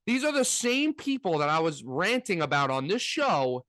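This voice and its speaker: A man's voice: sits high, very animated, normal speed, a bit bright, dry recording. A man co-hosting a casual sports talk podcast, ranting with energy and mocking fans in put-on voices.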